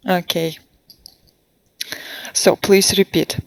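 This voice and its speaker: Woman, English teacher, online grammar lesson, very slow, slightly low voice, dry close sound. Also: expressive, no echo. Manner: slow, deliberate modelling of sentences for repetition. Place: online class.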